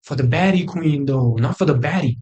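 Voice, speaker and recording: A young man hosting a crude comedic tier list, boastful and rambling, with sudden loud outbursts. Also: on the high side, brisk, loud music behind the voice. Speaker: host.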